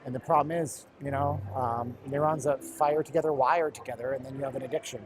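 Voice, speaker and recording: A man's voice: mid-range voice, steady tone, a little fast, background noise. A middle-aged man giving chatty, rambling live commentary while walking indoors, with jokey asides. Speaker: livestream host.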